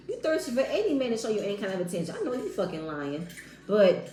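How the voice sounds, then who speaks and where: A woman's voice: medium pitch, darkish tone, reverberant, a little hiss or hum, poor audio. A woman giving a blunt, exasperated casual recap of a reality show, mocking the people in it. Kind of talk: animated casual recap commentary.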